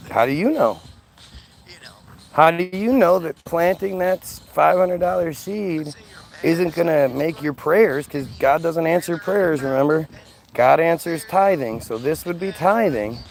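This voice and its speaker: A man's voice: fairly high pitch, measured pace, gravelly, a little mellow, rough recording. A man hosting a livestream, talking casually in a sarcastic, mocking, profane way. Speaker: livestream host reading chat.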